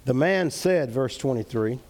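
A man leading an interactive Bible study, teaching earnestly, repeating key phrases and reading verses slowly. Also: medium pitch, animated, vocal fry, darkish tone.

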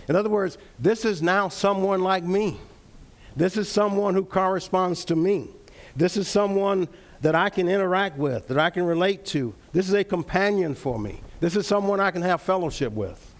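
A man leading an interactive Bible study, teaching earnestly, repeating key phrases and reading verses slowly. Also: on the high side, expressive.

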